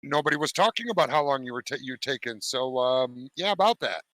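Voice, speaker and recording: A man's voice: mid-range voice, lively intonation, brisk, sharp tone, no echo, poor audio. A man hosting a casual gaming voice chat, blunt and teasing with his friends. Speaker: streamer host. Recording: music playing underneath.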